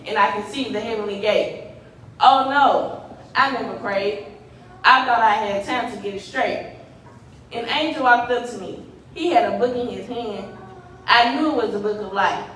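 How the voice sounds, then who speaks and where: A woman's voice: fairly high pitch, fairly bright tone. A woman performing spoken word poetry in a church, with a rhythmic, dramatic, pleading delivery. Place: church sanctuary. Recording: echoey church from a distant mic, faint noise.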